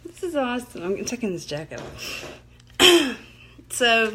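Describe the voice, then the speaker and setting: A woman's voice: fairly high pitch, very animated, moderate pace, sharp tone, a little hiss or hum. A middle-aged woman, hosting a live stream, chatting casually and telling a rambling story with frequent laughs. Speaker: livestream host.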